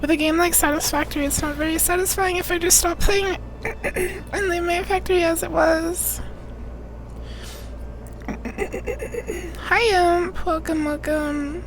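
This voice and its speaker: A woman live streamer chatting casually with viewers, greeting them by name, her throat irritated so she keeps clearing it. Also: extremely high pitch, a little slow, pauses often, a little hiss or hum, low-quality recording. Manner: greets chatters by name one after another; rambling, trailing restarts.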